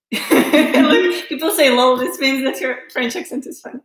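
A woman from Russia hosting a casual live-stream chat, excitable and teasing, laughing often. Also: sits high, measured pace, reverberant, low-quality recording. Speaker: host.

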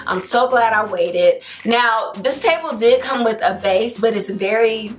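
A young adult woman hosting a home decor vlog, telling a story to camera in an excited, chatty, slangy way. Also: on the high side, a little slow. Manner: excited, chatty and slangy, addresses viewers as y'all.

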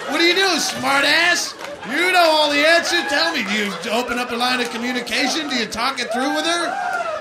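A man performing a live stand-up set, telling crude stories in a rant and shouting his punchlines from a club stage. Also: very high voice. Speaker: stand-up comedian. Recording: live club set with loud audience laughter.

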